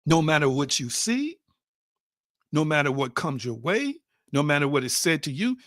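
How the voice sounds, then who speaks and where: A man's voice: a little high, sing-song, moderate pace, a bit bright, no room sound, clean studio sound. Emphatic man giving a spiritual teaching. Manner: emphatic, repeats phrases for stress; addresses listeners as family.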